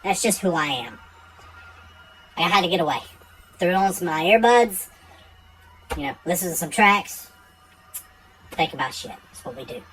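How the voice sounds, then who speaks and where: A man's voice: sits high, lively intonation, normal speed, long pauses, fairly bright tone, faint music behind, rough recording. A man telling a true personal story in a casual, blunt and profane way.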